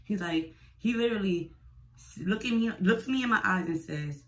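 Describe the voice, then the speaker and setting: A young woman vlogger telling a storytime tale, blunt and profane, animated and chatty. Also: medium pitch, moderate pace, poor audio. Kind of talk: storytime vlog.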